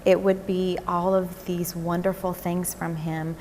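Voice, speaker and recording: Low-voiced woman giving halting testimony. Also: flat delivery, a little mellow, a little hiss or hum. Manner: halting, with fillers and restarts. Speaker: interviewee. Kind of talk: documentary interview testimony.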